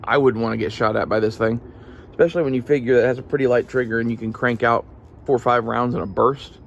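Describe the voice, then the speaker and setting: A man with a gravelly, middle-low voice talks off the cuff for his vlog audience, loose and profane. His speech wanders, full of fillers and restarts. There is faint ambient hum in the background. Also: fairly even intonation, quick pace, dull audio. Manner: casual, profane, rambling with fillers. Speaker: gun channel vlogger. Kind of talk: casual rambling gear talk.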